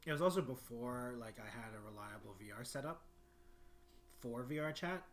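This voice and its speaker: A man's voice: medium pitch, animated, moderate pace. A young man streaming from his bedroom, chatting casually and rambling with lots of fillers and restarts. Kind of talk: casual solo livestream chat.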